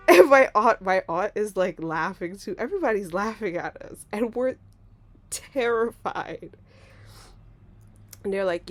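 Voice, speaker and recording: A woman's voice: measured pace, pauses often, faint music behind. A young woman chats through a storytime for her channel, laughing often and acting out the people in it. Her voice sits in a middling range but swings widely and expressively. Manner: animated, laughing, acts out voices with big pitch jumps. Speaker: vlogger. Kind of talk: casual storytime.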